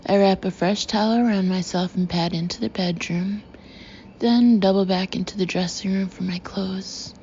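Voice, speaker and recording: A woman narrating a first-person novel in a wry, chatty inner voice. Her tone is mellow and on the dark side. The recording is slightly muffled, with a faint hiss behind it. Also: medium pitch, fairly even intonation, moderate pace. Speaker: audiobook narrator.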